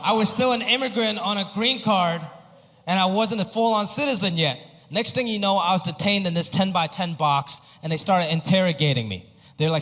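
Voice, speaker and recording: A man's voice: high-pitched, fairly quick, a bit bright. A man from Hong Kong, a stand-up comedian, telling a self-mocking story in a stand-up set. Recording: reverberant theater hall.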